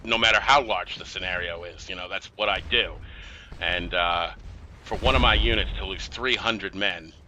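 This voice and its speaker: A man's voice: sits low, normal speed, bright, forceful tone, slight background noise, poor audio. A man giving casual, chatty commentary on a strategy game he is playing, with exasperated, sarcastic asides. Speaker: gameplay commentator.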